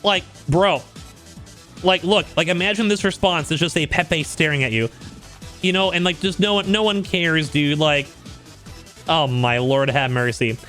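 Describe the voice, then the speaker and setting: A somewhat high-pitched man riffs through casual drama commentary on a stream, blunt and full of slang like dude and bro. Faint music plays underneath. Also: a little slow, sharp tone. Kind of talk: casual commentary reading out messages.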